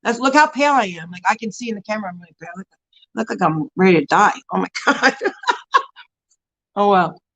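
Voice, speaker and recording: A woman's voice: medium pitch, fast, pauses often, a bit bright, low-quality recording. A woman hosting a casual beauty live stream, chatting and answering viewers in a rambling way full of fillers and frequent laughs. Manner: laughs often while talking.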